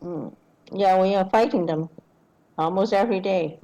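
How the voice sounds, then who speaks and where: A woman's voice: mid-range voice, normal speed, warm tone, poor audio. Inquisitive woman at the game table. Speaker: player. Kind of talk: casual tabletop play.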